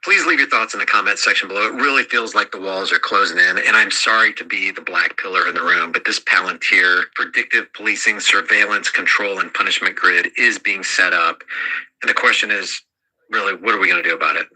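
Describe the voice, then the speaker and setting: A man's voice: low voice, brisk, sharp tone, breathy edge, poor audio. A man delivering urgent, warning political commentary.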